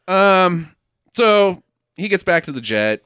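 Excitable high-voiced man recapping a movie. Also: unhurried, no room sound, clean studio sound. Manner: excitable, incredulous, swears freely. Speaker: podcast co-host.

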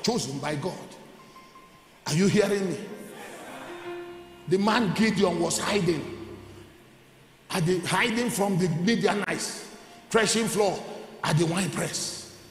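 A male pastor preaching a sermon, with emphatic call-and-response to the congregation. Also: high voice. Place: large church hall. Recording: echoey church hall with faint music.

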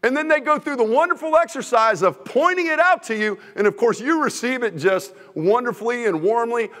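A man preaching a humorous sermon as a guest preacher in a church sanctuary, teasing the room in an energetic, joking way. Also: very high-pitched, a little fast, in a large hall.

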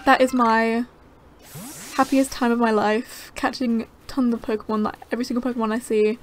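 A young woman giving casual, excitable gameplay commentary, gasping and chattering to the creatures on screen. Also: fairly high pitch, moderate pace, a little hiss or hum. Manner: bubbly, gasping, easily excited. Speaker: gaming channel host.

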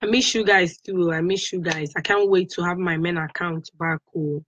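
A woman's voice: on the low side, steady tone, normal speed, fairly bright tone, dull audio, slight background noise. A Nigerian woman making an emotional, repetitive direct-to-camera appeal, mixing English with Igbo phrases. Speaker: online activist vlogger.

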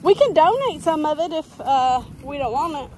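A woman hosting a casual vlog outdoors, gushing with excited exclamations while filming on a handheld phone. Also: high-pitched, normal speed, very noisy. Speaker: couponing channel host. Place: outdoors in a parking lot.

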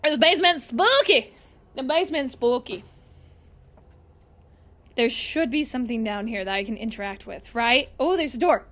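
Woman streamer, squeaky and excitable, high bright voice, live game commentary. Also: normal speed, pauses often. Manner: excitable, chatty, talks to chat.

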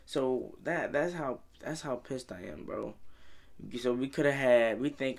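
A man's voice: medium pitch, unhurried, creaky. A young man vlogging about football, rambling and exasperated, peppering his talk with "bro" and "man.". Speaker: sports vlogger. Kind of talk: casual fan commentary.

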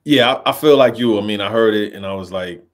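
A man in his thirties co-hosting a casual chat, animated, quoting lines and restarting his sentences. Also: fairly low pitch, fast talker. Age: 30s. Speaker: podcast co-host. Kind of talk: casual chat about rap.

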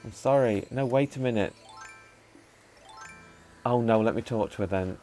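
A man giving casual commentary while playing a video game, chatting to himself and to the characters with excitable bursts. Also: medium pitch, normal speed. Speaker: gaming channel host. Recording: faint background music.

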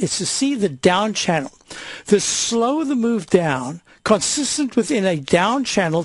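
A man's voice: sits high, no room sound, studio quality. A man hosting a radio show on stock trading, explaining charts in a rambling, casual way. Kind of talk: casual market commentary.

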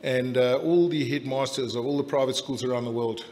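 A man's voice: mid-range voice, steady tone, fairly quick, a little mellow. A middle-aged South African man giving a blunt, jokey after-dinner toast that rambles with restarts, speaking in a large dinner hall. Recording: long hall reverb.

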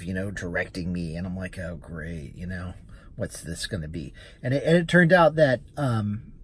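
A man's voice: fairly low pitch, slight background noise. A man, a rideshare driver and vlogger, chatting casually as he recounts a story with quoted dialogue.

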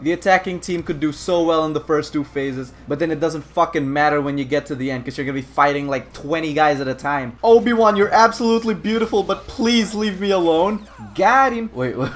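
Excitable, swearing male gamer. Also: a little high. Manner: excitable, jokey, swears a lot. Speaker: gaming video host. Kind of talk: casual gameplay commentary.

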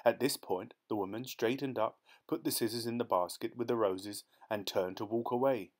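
Man reading a short story aloud, steady and measured, mid-pitched voice. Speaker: audiobook narrator. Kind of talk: scripted narration.

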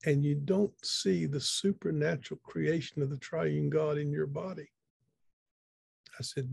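A man's voice: on the high side, steady tone, measured pace, creaky, darkish tone, breathy edge, no echo. A middle-aged man, telling a story in a folksy, conversational way over a video call, often repeating words as he thinks. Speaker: speaker. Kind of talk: storytelling talk.

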